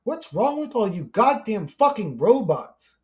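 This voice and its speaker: A man's voice: high voice, big pitch swings, unhurried. A man ranting to camera as a YouTuber, profane and exasperated, his voice climbing as he gets angrier. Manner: profane, exasperated, rising to shouting. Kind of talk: angry conspiracy rant.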